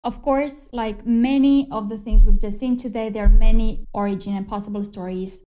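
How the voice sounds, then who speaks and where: A woman with a Spanish accent, a native Spanish speaker teaching English in a relaxed chat, laughing often and correcting herself. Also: a little high, moderate pace. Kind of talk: casual conversational lesson.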